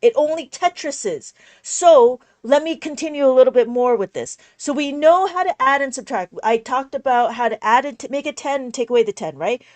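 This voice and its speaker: A woman teaching math in a casual livestream, talking in an animated, exasperated way. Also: high-pitched, moderate pace.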